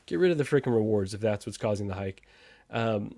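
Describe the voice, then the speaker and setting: A man's voice: on the low side, lively intonation, brisk, gravelly, dark tone, dry recording. Sarcastic male livestream host. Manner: sarcastic, laughs often, reads chat comments aloud. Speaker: podcast host reading live chat. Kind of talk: casual livestream chat.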